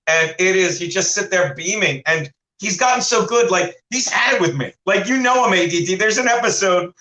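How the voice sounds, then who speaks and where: A man with a bright, slightly high voice rambles through a casual comedy talk show, piling stories on top of each other. He slips into quick voices of the people he describes. The sound carries a noticeable room echo. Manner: rambling, animated storytelling with impressions. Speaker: co-host.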